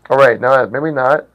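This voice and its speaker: Livestream host, man, 30s, mid-pitched, chatty and giggly, halting over foreign phrases. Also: a bit bright, muffled recording. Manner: chatty, laughs often, halting attempts at foreign words. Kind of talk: casual livestream chat.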